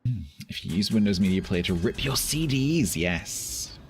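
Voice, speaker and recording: Low-voiced English man chatting while gaming. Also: lively intonation, moderate pace, faint music behind. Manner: rambling, dry and self-amused, reads chat aloud. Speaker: streamer. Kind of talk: casual live-stream chat while gaming.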